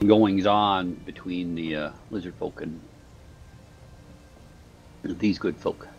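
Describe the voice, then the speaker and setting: A man's voice: low-pitched, takes it slowly, darkish tone, a little hiss or hum. A man playing in a tabletop game, rambling and hesitant with many fillers. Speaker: player. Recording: dull lo-fi sound.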